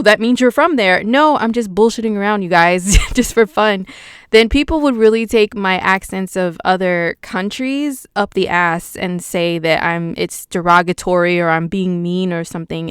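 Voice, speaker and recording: A woman's voice: mid-range voice, clean tone, no room sound, studio quality. Chatty West Coast American woman. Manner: chatty and playful, laughs often, slangy asides. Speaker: astrologer, channel host. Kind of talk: casual horoscope talk to viewers.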